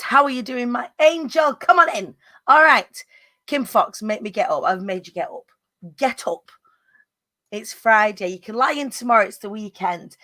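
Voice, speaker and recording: A woman hosting a live-stream, her voice hoarse and husky this morning, chatty and cheeky as she greets viewers by name. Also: fairly high pitch, pushed and bright, no echo. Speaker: host. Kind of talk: upbeat live-stream chat.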